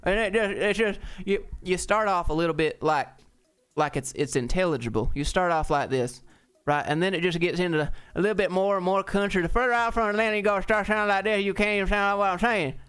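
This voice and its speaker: A man's voice: high voice, fairly quick, a bit bright, clean tone, pitched above the performer's own voice. Man putting on a thick Southern country drawl. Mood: mocking. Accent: Southern US, exaggerated. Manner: mocking, thick drawl, words running together. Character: exaggerated rural Southern country man, drawling, hard to follow.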